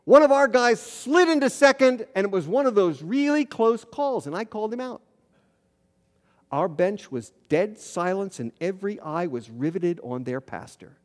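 A man's voice: sits high, lively intonation, normal speed. A middle-aged man preaching a sermon as pastor, telling stories and rising in volume to stress his points. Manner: storytelling, rising loud for emphasis. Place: church sanctuary. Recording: long hall reverb.

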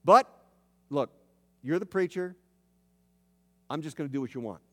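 A preacher speaking as a plainspoken fisherman in a lowered, hushed voice. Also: animated, normal speed. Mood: wry. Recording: long reverb of a large hall.

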